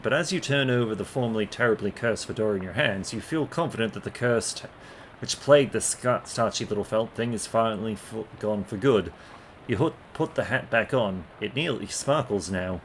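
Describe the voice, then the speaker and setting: A man's voice: lowish voice, moderate pace, a little hiss or hum. Man casually reading game text. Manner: reads game text aloud, stumbling on words. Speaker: gameplay commentator. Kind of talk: casual let's play commentary.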